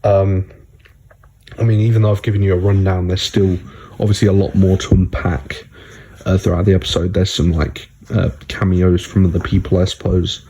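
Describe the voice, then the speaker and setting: A man's voice: deep voice, level tone, normal speed, mellow, slightly rough, rough recording. A man casually recapping a TV episode for his channel, rambling with lots of filler words and swearing.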